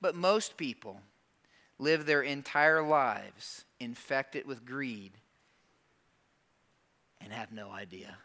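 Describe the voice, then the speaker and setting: A man pastor preaching a sermon, animated and emphatic, sometimes dropping to slow quiet asides. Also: mid-range voice. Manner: animated, acts out quoted prayers in a raised voice.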